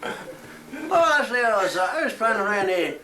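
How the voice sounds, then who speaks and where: A man's voice: brisk, slight background noise. A teenage boy doing an impression of a joking comedian guest, in an improvised spoof chat show. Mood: jokey. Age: teens. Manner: high bright jokey voice, laughing a lot. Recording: echoey home video from far off.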